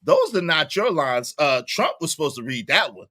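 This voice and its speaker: A man doing casual livestream reaction commentary, animated and profane, laughing often and repeating himself for emphasis. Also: fairly high pitch, moderate pace, dry recording, clean studio sound.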